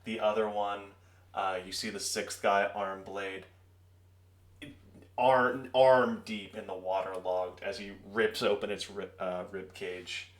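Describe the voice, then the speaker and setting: A man's voice: lowish voice, fairly even intonation, takes it slowly. A young man narrating a tabletop game as game master, in a casual, wry way.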